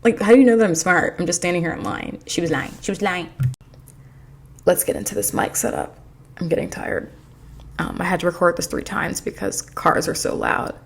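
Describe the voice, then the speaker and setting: A woman's voice: on the low side, normal speed, creaky, a bit bright, slightly rough. A woman vlogger telling a storytime in a rambling, chatty way, full of fillers, recorded on a desk mic in her apartment. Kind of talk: casual storytime chat. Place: apartment in a noisy city.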